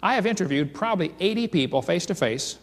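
A man giving a seminar lecture, telling stories in an animated way and reading accounts aloud. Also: high-pitched, fast talker. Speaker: creationist seminar speaker. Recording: reverberant lecture hall.

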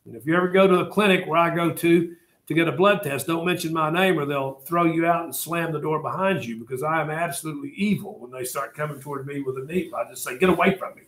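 An older man teaches a class with a slightly high voice. He rambles through jokey stories and asides to his students as he lectures. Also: fast talker, a bit bright. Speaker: history teacher.

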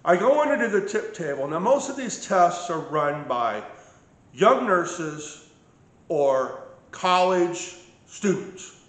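A man's voice: high-pitched, big pitch swings, takes it slowly, a bit bright, reverberant. A man telling his own story of medical mistreatment in a casual, emphatic way, often checking in with "okay?". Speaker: patient recounting his medical ordeal. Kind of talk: casual personal account.

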